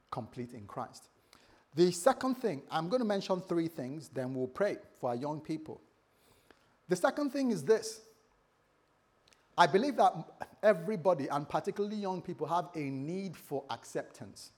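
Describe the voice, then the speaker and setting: A man preaching a sermon to a congregation, animated and telling stories with acted-out dialogue. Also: on the high side. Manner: animated, acts out characters in dialogue.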